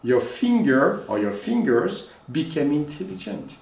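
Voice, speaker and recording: A man giving a live demonstration lesson as a teacher, animated and coaxing, in a room at home. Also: a little high, unhurried, creaky. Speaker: echolocation teacher. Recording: very echoey room, far from mic.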